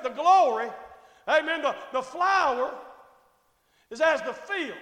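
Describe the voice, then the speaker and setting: A middle-aged male pastor preaching a sermon in a church, moving between quiet conversational asides and shouted, drawn-out lines, often calling out to ask if everyone is all right. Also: extremely high pitch. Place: church sanctuary. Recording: echoey church hall with long reverb.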